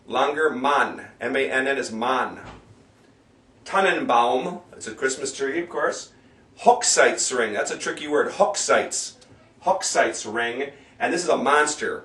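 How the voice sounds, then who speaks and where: A man leads a sing-along, teaching a German bar song in a casual spoken lesson with sung examples. At an even middle pitch, he enunciates each foreign word slowly and carefully, stopping to correct his own slips. He's some distance from the mic, and his voice rings around a roomy space.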